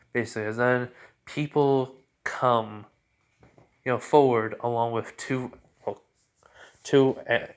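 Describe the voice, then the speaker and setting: A man casually narrating an improvised fan story, rambling with lots of fillers and restarts. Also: mid-range voice. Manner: rambling, full of fillers like "well" and "basically".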